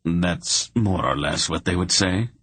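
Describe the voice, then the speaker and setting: A sly, courtly prince with a wary edge, his low voice husky and dry, as a male reader puts him on. He speaks with polished manners at an unhurried pace. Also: fairly bright tone, dry recording, heavily acted. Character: sly courtly thief prince, middle-aged.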